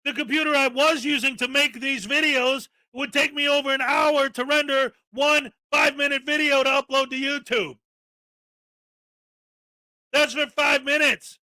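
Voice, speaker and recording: A man hosting a commentary show, ranting sarcastically and often shouting in exasperation. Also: extremely high pitch, steady tone, moderate pace, dry recording, studio quality. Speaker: commentary channel host.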